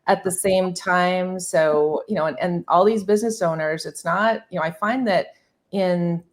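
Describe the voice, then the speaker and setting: A woman's voice: fairly low pitch, normal speed. Chatty woman in her fifties. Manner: candid and chatty, with many fillers and restarts. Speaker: podcast guest, marketing agency founder. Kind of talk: conversational interview.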